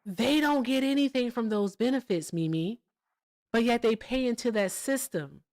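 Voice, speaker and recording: A woman's voice: a little high, moderate pace, darkish tone. A woman hosting a live stream in a casual, emphatic way. She is blunt and swears, and she keeps checking in with "all right?" and "okay?". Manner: blunt and profane. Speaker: livestream host. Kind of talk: casual livestream chat and commentary.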